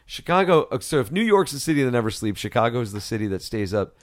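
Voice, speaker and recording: A man's voice: medium pitch, sing-song, fast, dry recording, studio quality. A man co-hosting a casual podcast, telling rambling, joking stories. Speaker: podcast co-host.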